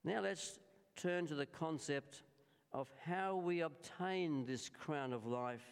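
An Australian man preaching a sermon, slow and deliberate, stressing key words and turning often to address the congregation. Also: on the high side, clean tone. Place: church. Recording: reverberant church hall.

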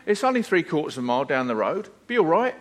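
A man doing a chummy London cab driver who rattles off his words quickly and casually. The voice sits a little higher than most men's, with a broad London accent. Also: big pitch swings, fairly bright tone. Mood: offhand. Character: cheery male London taxi driver.

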